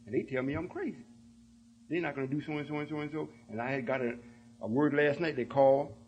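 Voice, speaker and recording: A man's voice: on the high side, fast, a little mellow, lo-fi sound. A man giving an emphatic sermon-style talk to his followers, often checking that they understand. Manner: emphatic, keeps asking "you see?". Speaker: religious speaker.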